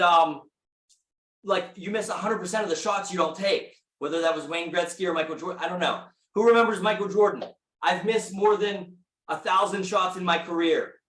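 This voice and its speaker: A man giving an energetic motivational talk to a live audience, telling stories and asking the room questions. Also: on the high side. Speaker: speaker at a real estate meeting. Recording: echoey room.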